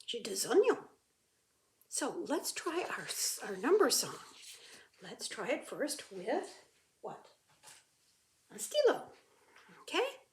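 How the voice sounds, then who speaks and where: Woman teaching french, slow drills, lively up-and-down voice, fairly high. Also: slight background noise. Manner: drills words slowly for repetition, with bright exclamations. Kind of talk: slow, lively beginner language lesson.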